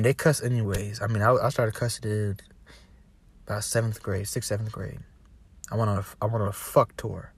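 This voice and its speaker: A young man hosting a podcast, delivering an impassioned, cursing monologue that swings between yelling and quiet talk. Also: medium pitch. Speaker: podcast host.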